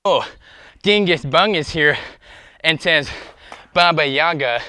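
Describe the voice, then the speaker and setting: A man's voice: on the high side, expressive, slow, sharp tone, no room sound. A young man hosting a casual skateboarding livestream, rambling with lots of fillers and talking upbeat while he skates outdoors, a bit out of breath. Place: outdoors skating.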